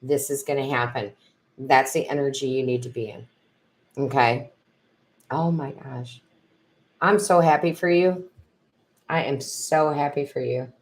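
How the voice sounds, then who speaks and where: A low-voiced woman giving tarot readings on a home live stream, speaking through a built-in computer mic. She talks in effusive bursts, quick to gush and exclaim. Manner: emotional, effusive, tearful exclamations. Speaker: tarot reader and medium. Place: home room. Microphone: built-in computer camera mic.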